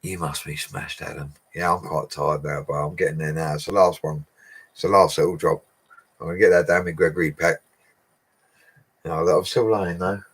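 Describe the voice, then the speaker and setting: A bricklayer hosts a relaxed livestream Q&A, answering viewer questions in a friendly, easygoing way and laughing a lot. His low-pitched voice is slightly rough, with fairly even intonation and a moderate pace.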